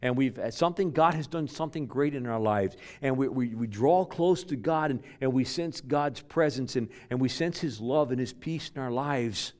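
A man preaching a sermon as pastor, telling stories with repeated words and restarts, dropping from loud emphasis to hushed near-whispers. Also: medium pitch, normal speed, hardly any pauses.

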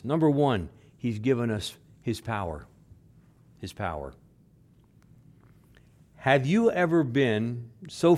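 A man preaching a sermon, repeating phrases for emphasis and swinging between loud stresses and hushed words. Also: mid-range voice. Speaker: pastor.

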